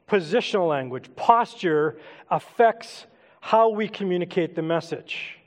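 A middle-aged man with a high voice leads a relaxed, interactive sermon, coaxing his congregation to take part. His voice rings out with a long reverb that trails through a large church sanctuary. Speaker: pastor.

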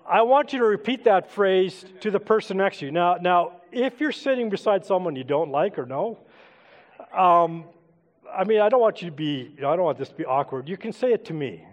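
A middle-aged man preaching an interactive sermon, casually coaxing the congregation to join in. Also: high-pitched. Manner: conversational, coaxing the congregation to take part. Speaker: pastor. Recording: long hall reverb.

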